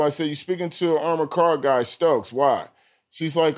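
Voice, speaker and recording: A man, an armored car guard, telling his story in an animated way and acting out what people said. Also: a little high, moderate pace. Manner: animated, acts out quotes. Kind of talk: storytelling interview.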